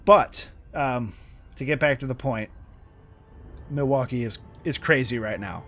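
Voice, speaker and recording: A man's voice: mid-range voice, a little slow, fairly bright tone, soft background music. An American man hosting a gaming channel, giving rambling, frustrated commentary over gameplay with lots of swearing and restarts. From United States.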